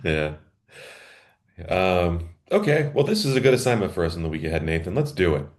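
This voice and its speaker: A man's voice: low voice, big pitch swings, fairly quick. A man co-hosting a comedy podcast, trading playful bits and laughing often as he talks. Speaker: podcast co-host. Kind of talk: casual comedic chat.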